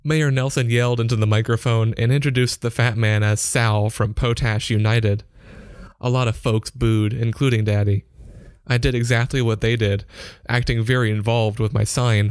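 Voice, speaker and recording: A man's voice: lowish voice, a little mellow, no room sound. Man narrating a story, dry sound. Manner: measured storytelling. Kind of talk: short story reading.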